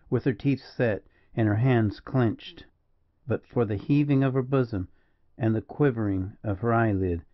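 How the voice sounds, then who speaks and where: A man giving a measured, dramatic audiobook narration. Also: on the low side, lo-fi sound. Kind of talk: scripted narration.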